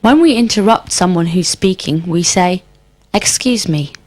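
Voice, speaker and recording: A woman's voice: lowish voice, expressive, a little slow, a little mellow. A woman answering in a scripted language drill, repeating each question as a careful full sentence. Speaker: student in drill.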